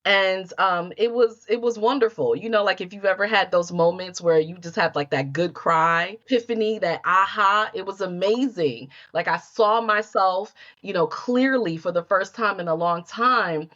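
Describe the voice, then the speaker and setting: A woman's voice: mid-range voice, normal speed, few pauses, fairly bright tone, muffled recording. A middle-aged woman, a healer and life coach, telling her story in a podcast interview and acting out her own past thoughts.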